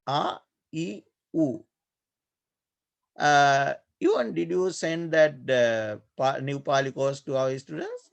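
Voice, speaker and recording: A male Buddhist monk teaching a class on Pali grammar, speaking slowly, repeating key words and pausing often with fillers. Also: medium pitch, gravelly. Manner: slow, repetitive, hesitant with many fillers. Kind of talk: online class lecture.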